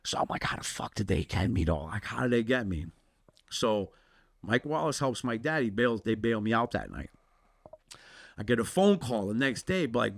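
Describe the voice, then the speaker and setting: A man's voice: on the low side, big pitch swings, moderate pace, creaky. A middle-aged man telling a story in casual talk, swearing freely and acting out both sides of the conversations. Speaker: podcast guest.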